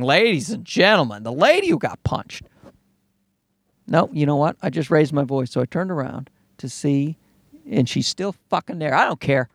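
A man with a slightly high voice and a brisk pace rants into a microphone in his car in a parking garage, telling a rambling, profane story. He's animated and keeps interrupting himself, and the recording is dry and studio quality.

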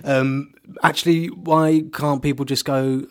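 A man co-hosting a podcast, talking in a casual, jokey, animated way with casual swearing. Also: medium pitch, a little fast. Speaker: podcast co-host. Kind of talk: casual chat.

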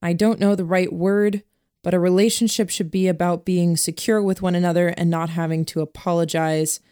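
Woman reading as a calm, principled young man. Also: on the low side, moderate pace, smooth, lightly acted.

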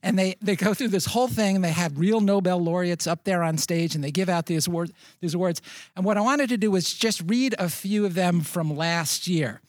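A man's voice: sits high, fairly quick, no echo, studio quality. A man co-hosting a podcast recorded live in front of an audience, telling stories with enthusiasm and laughing now and then. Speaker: podcast co-host. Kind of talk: casual live podcast chat.

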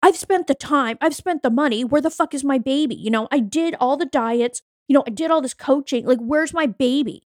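A woman's voice: sits high, lively intonation, normal speed, few pauses, dry recording, studio quality, pitched above the performer's own voice. A woman voicing an exasperated woman who is fed up with waiting for a baby, complaining indignantly.

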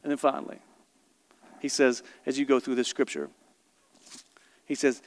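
A man's voice: mid-range voice, fairly even intonation, normal speed, long pauses, a little mellow. A male pastor preaching a sermon to his congregation with passion, stressing words and repeating phrases to drive them home. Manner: impassioned, emphatic, repeats phrases, speaks straight to the congregation. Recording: long hall reverb.

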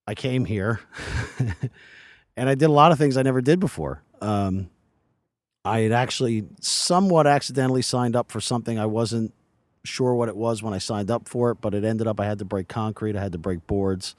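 A man's voice: on the low side, moderate pace, a little mellow, no echo. A man in his forties, a podcast guest recorded outdoors by a lake, talking in an earnest, rambling way with many restarts. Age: 40s. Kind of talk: casual interview chat.

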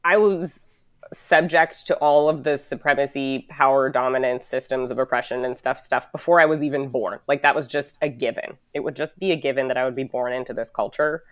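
A woman's voice: rumbling low, steady tone, brisk, no room sound. Rambling, reflective woman from the US. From United States. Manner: rambling, heavy on "like", swears casually. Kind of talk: casual reflective conversation.

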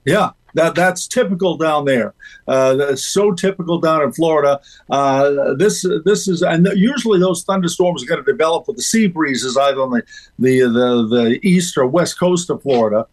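A man's voice: on the high side, normal speed, rough recording. A man giving a casual weather report on a radio show, easygoing and full of filler words. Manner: easygoing, filler-heavy delivery. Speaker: weather forecaster.

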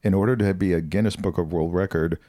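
A man's voice: low voice, steady tone, quick pace, mellow. A man co-hosting a podcast, chatting casually and reading out odd news stories, laughing and stumbling over words. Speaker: podcast co-host.

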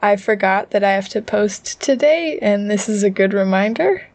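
A woman with a Utah accent co-hosting a podcast, chatting in a quick, animated and playful way. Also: mid-range voice. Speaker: podcast co-host. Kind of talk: casual chat.

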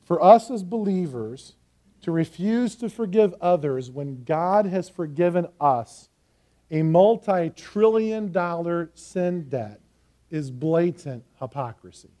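Earnest man preaching, bright pitch, mellow tone. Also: lively intonation. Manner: earnest, emphatic teaching with slow stressed phrases. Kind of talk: sermon.

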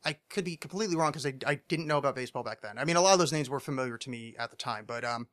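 A man's voice: medium pitch, racing, fairly bright tone. A young man co-hosting a casual podcast about a TV show, rambling and joking with lots of restarts. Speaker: podcast co-host.

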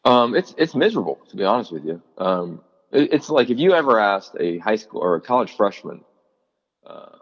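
A man's voice: lowish voice, moderate pace, big-room sound, muffled recording. A man in his forties, a former player and coach, telling stories in an interview, full of fillers and restarts and acting out quotes. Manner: animated storyteller, many fillers and restarts, acts out quotes. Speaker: college football analyst, former player and coach. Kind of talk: podcast interview, storytelling.

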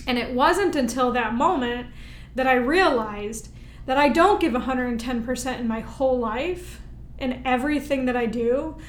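Woman veteran telling her story all fired up, kinda high voice, echoey room. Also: moderate pace, slight background noise. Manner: animated, emphatic storyteller, often adds "right?". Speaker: interview guest, military veteran and Paralympic-style powerlifter. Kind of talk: storytelling in conversation. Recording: roomy echo.

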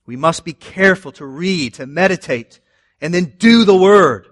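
A man preaching a sermon in an animated way, moving between loud emphasis and quiet asides. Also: high-pitched, normal speed, no room sound, studio quality. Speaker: pastor.

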